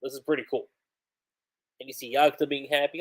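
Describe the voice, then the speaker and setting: A man casually reviewing a comic chapter on a livestream, animated and chatty, with many fillers. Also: mid-range voice, a little fast, breathy edge.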